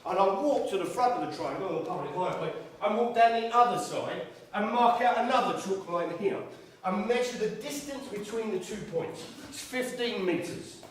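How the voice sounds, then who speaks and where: Animated man doing stand-up, high voice. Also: moderate pace, slight background noise. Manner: animated, swearing, emphatic. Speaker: stand-up comedian. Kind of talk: stand-up storytelling. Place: live event venue. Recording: echoey live venue, distant mic, audience laughter.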